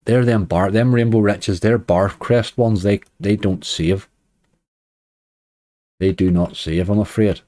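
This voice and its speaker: Low, mellow-voiced man chatting on stream. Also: steady tone, slow pace, pauses often. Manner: chatty, reads viewer comments aloud, laughs often. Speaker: slot streamer. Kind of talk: casual live-stream chat.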